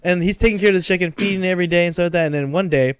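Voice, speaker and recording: Young man, smooth voice, halting story. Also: high voice, no room sound, clean studio sound. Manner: relaxed, halting storytelling with many fillers. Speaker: podcast co-host. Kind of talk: casual podcast chat.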